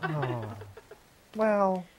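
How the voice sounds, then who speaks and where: A man hosts his own show, rambling casually and poking fun at himself. His pitch swings a lot as he acts out quoted lines. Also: expressive, drawn-out words, very noisy. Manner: self-deprecating, rambling, laughs at himself. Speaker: host.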